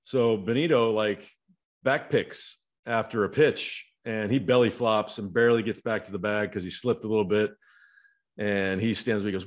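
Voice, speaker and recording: A man's voice: on the low side, fairly even intonation, normal speed. A man, a former player turned coach, telling rambling baseball anecdotes in casual podcast chat. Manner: rambling anecdotes with profane quoted voices.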